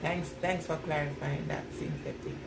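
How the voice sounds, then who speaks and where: A woman's voice: deep voice, steady tone, normal speed, gravelly. A middle-aged woman with a Jamaican patois accent, chatting casually with live viewers and laughing often. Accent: Jamaican patois mix. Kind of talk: casual live-stream chat. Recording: echoey, distant mic with loud background noise.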